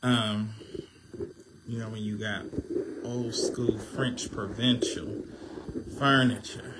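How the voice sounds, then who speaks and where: Slow, chatty man on a phone livestream. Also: lowish voice, level tone, very noisy. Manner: chatty, preachy, laughing, mimics fans. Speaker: livestream host and minister. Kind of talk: casual livestream chat.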